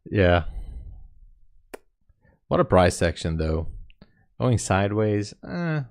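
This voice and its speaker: A man with a lowish voice talks slowly through a live trading session, with long gaps between remarks. His tone is wry and half to himself, like someone thinking aloud at his desk. The delivery is relaxed and unhurried. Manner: wry, muttering remarks to himself about the chart. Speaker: day trader streaming live.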